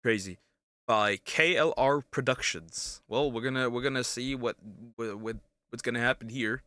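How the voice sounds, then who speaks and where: A young man reacting to clips with crude jokes, restarts and sudden bursts of yelling. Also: mid-range voice, moderate pace, dry recording. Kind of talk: casual reaction commentary.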